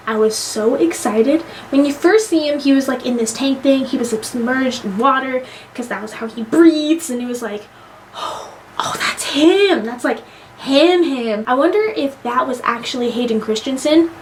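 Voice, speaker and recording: A young adult woman giving a casual vlog movie review, excitable and gushing, swearing freely. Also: high-pitched, normal speed, a little hiss or hum.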